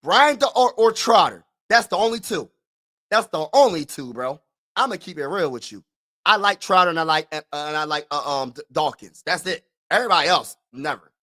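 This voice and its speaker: High, bright-voiced excited fan. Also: male voice. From Pennsylvania. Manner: animated and emphatic, repeating phrases, sometimes shouting. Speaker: sports vlogger. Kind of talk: excited casual fan vlog.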